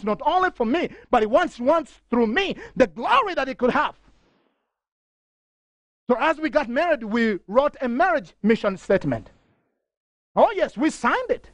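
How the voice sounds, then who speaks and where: Fired-up high-voiced male preacher. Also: no echo. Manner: fervent, rising to near shouting; reads scripture passages aloud. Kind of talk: sermon.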